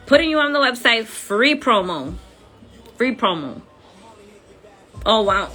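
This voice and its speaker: A woman's voice: fairly high pitch, lively intonation, measured pace, long pauses, pushed and bright, faint music behind. A woman with an accent hosting a casual phone livestream, chatty and friendly, using informal slang. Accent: accented English. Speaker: livestream host.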